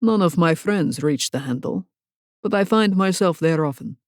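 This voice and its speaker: A gruff, curt hockey goalie with a Russian-sounding accent, as a woman narrator puts him on, speaking in a low, rough growl. Few words, each one blunt and dry. The audiobook voice sits close and deadened, with no room sound. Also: lively intonation, normal speed, darkish tone, no room sound, lightly acted. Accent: foreign, Russian-sounding. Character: gruff, terse foreign man, a hockey goalie.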